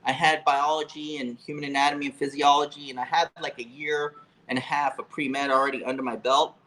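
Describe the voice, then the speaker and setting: Profane, animated storytelling man in his fifties. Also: mid-range voice, fairly quick, slight background noise, rough recording. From Florida, USA. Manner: profane, animated anecdote-telling with frequent fillers. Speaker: interview guest. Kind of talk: casual storytelling.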